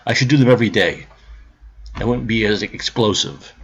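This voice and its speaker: A man's voice: fairly low pitch, normal speed, slightly rough. A man giving a profane political rant to camera, lecturing and scolding the viewer, then settling into grumbling explanation. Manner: calmer, grumbling explanation later on. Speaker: political vlogger.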